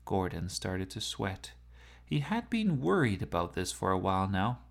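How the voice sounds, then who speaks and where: A man narrating a story aloud in a playful, lively storytelling manner. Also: deep voice, moderate pace, creaky.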